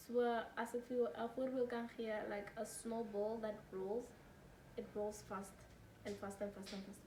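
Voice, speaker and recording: A woman's voice: fairly high pitch, darkish tone, a little hiss or hum. A young woman from South Africa giving casual study tips, chatty and laughing, mixing English with Afrikaans. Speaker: student tutor. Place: home room during load shedding. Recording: echoey room, mic at a distance.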